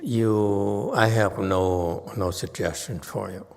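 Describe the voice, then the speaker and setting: A Buddhist teacher giving a Dharma talk and answering questions, animated and chuckling, often repeating himself. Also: male voice, on the low side, takes it slowly, gravelly, in a large hall, a little hiss or hum.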